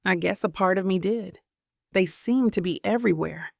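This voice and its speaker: A woman narrating a romance audiobook in first person, steady and intimate. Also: mid-range voice, normal speed, creaky, dry recording, clean studio sound.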